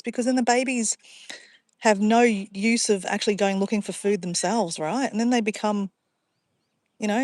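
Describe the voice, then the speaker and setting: A woman's voice: medium pitch, a little mellow, dry recording, studio quality. Chatty Australian woman livestreaming outdoors. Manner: chatty, easily sidetracked, addresses viewers as guys. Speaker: livestream vlogger. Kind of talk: casual livestream chat to viewers. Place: outdoors by a pond.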